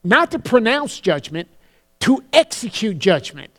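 A man preaching a sermon, earnest, slowing down to quote scripture solemnly and often repeating words as he starts a phrase. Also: sits high, big pitch swings, bright, forceful tone.

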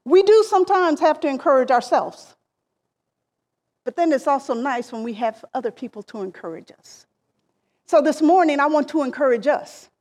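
A woman preaching a sermon, deliberate and emphatic, with phrases that rise and then trail off softly. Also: high-pitched, expressive. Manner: slow, deliberate preaching with emphatic rises and soft trailing endings.

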